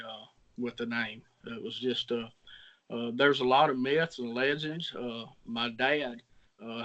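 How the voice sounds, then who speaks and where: Man, from Alabama, guest on a call-in show, hesitant, soft-spoken, mid-pitched voice. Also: muffled recording. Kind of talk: casual radio interview. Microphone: video call.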